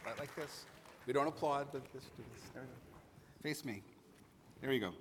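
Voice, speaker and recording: A man leads the service as rabbi, turning his sermon into a conversational story with pauses for emphasis. His voice sits in an ordinary middle pitch for a man. The synagogue sanctuary gives it a long, lingering reverb. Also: a bit bright, slight background noise. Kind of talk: sermon addressing a bar mitzvah boy.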